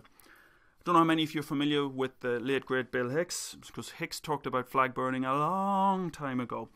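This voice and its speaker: A man's voice: mid-range voice, moderate pace, a bit bright, clean tone. A male academic presenting a spoken video essay, ranting with sarcastic asides.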